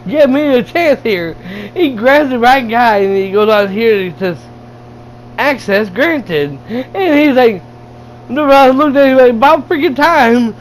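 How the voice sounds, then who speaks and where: A man casually retelling a movie, excited and laughing, with lots of stumbling restarts and swearing. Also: sits high, a little hiss or hum, rough recording. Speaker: gaming channel host reviewing a movie. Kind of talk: casual rambling movie recap.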